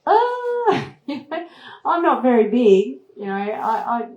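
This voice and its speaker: Animated woman storyteller in a roomy hall. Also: normal speed, lo-fi sound. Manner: lively, laughs often, acts out moments with high squeals. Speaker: travel TV host giving a talk. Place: event room at a retreat.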